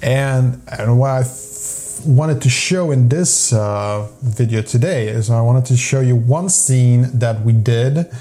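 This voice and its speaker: Chatty man with a mellow voice. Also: mid-range voice, slow, few pauses. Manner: chatty, laughs often mid-sentence. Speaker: video host, amateur filmmaker. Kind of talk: casual chat.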